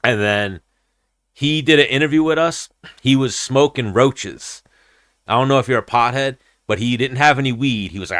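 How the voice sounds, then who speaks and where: A man's voice: mid-range voice, moderate pace, fairly bright tone, no echo, studio quality. A young man hosting a podcast, telling a long, profane story in casual chat and acting out the people in it. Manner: rambling, profane, acts out quoted voices. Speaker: podcast host.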